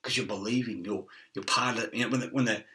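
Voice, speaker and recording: Brief: middle-aged man, bright edgy tone, swearing, laughing, riffing on word origins, sitting back from the mic. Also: fairly low pitch, steady tone, fast, recorded from a distance. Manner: profane, laughing, chasing wordplay and word origins. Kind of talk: rambling monologue.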